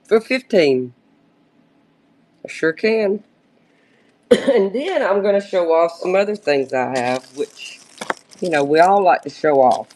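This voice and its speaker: Casual live seller, a woman with a slow, meandering pitch who loses her train of thought and restarts. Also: lively intonation, a little mellow. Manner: halting, searches for words and restarts. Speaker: live-stream vintage jewelry seller.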